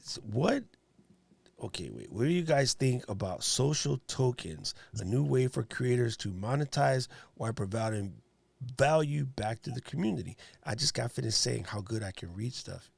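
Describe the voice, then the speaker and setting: A man's voice: mid-range voice, normal speed, gravelly, breathy edge, no room sound. A man with a New York accent hosting a livestream, chatting casually and joking with a guest and viewers. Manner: animated, joking, talks to viewers and chat. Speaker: livestream host.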